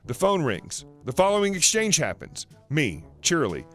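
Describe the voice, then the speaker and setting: A man narrating online stories aloud, reading quotes in a plain, even way. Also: a little high, normal speed, soft background music.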